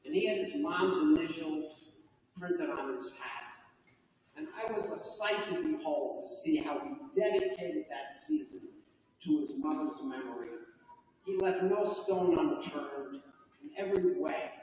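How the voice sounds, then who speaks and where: A man's voice: on the high side, measured pace, slight background noise. An older man giving a heartfelt, folksy acceptance speech at a hall of fame ceremony, recorded from a distance in a banquet hall. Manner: heartfelt, folksy, animated delivery. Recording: distant mic in echoey hall.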